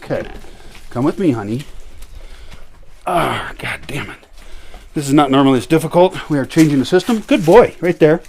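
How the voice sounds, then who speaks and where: A man's voice: medium pitch, lively intonation, normal speed, creaky, long pauses. Man, casual vlog, talks to his dogs, coaxing, faint background noise. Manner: coaxing dogs, sometimes calling out loudly. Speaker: vlogger.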